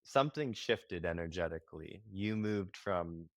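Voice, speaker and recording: A man's voice, notably deep, speaks as a podcast guest with a reflective, exploratory delivery. He circles back and rephrases as he thinks aloud. The sound is dry and close, with no room around it. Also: expressive, measured pace, no room sound. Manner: reflective, searching, many "like" restarts. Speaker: guest, marriage and family therapist. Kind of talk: casual podcast conversation.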